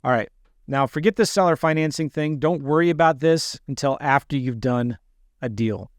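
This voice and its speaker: A man's voice: on the high side, moderate pace, dry recording, clean studio sound. Man coaching a seller call script. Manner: acts out both sides of phone calls. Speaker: land investing coach. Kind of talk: teaching a sales call script.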